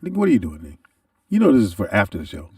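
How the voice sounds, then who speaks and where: A man hosting a comedy podcast, telling a story in an animated, profane way, recorded from a distant mic. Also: lowish voice, rapid-fire, a crowd in the background. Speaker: podcast host. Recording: distant mic in a dry room.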